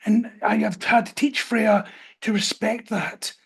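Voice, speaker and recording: A man's voice: sits high, fairly even intonation, a little slow, gravelly, slightly rough. A man hosting a podcast, giving dog-safety advice in a casual talk with direct, firm instructions. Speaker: podcast host, dog trainer.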